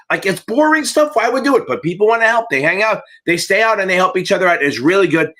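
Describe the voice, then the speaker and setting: A man's voice: on the high side, bright, forceful tone. A man hosting a live exam-prep Q&A, giving blunt, profane, fired-up coaching in a casual livestream way.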